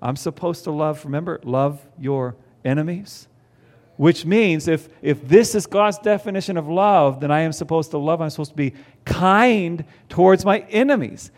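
A man's voice: on the high side, normal speed. A man preaching a sermon to a congregation, conversational, with rhetorical questions. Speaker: pastor. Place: church before a congregation.

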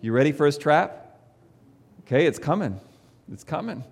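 A man preaching a sermon, reading scripture aloud and voicing imagined objections in an animated way. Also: on the high side, normal speed, breathy edge, big-room sound. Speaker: pastor.

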